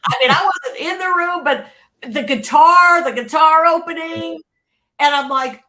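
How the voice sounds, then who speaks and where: With a very high-pitched voice and an unhurried delivery, a woman who used to be a creative executive at a record label tells lively stories in a podcast interview. Excitement spills out as frequent laughter, repeated words, restarted sentences, and swings between hushed and loud.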